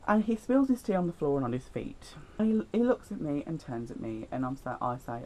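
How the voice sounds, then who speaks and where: A man's voice: mid-range voice, lively intonation, brisk, hardly any pauses, mellow, a little hiss or hum, poor audio. Teen boy vlogger, rambling and self-deprecating, telling school stories. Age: teens. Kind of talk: storytime vlog.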